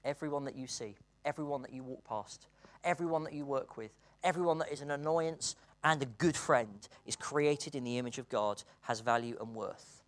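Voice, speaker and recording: A British preacher delivering a sermon, earnest, moving between hushed and excited passages and laughing between points. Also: mid-range voice, normal speed. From Britain.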